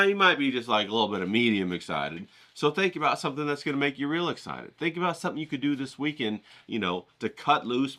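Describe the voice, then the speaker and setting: A man's voice: mid-range voice, bright, forceful tone. A man hosting an art vlog, chatting casually to his viewers in an upbeat, rambling, slangy way. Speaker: art vlogger.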